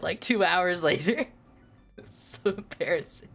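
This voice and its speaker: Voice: mid-range voice, a little slow, gravelly, fairly bright tone. A streamer chatting casually with viewers and reading aloud, laughing often and stumbling over words. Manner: self-deprecating, chats with viewers.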